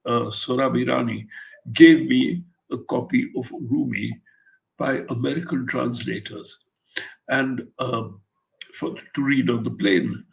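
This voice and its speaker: A man's voice: mid-range voice, takes it slowly, creaky, low-quality recording. An older man from India, an author telling a blunt, wry story in an interview and acting out the quotes. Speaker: author interviewed about his translations.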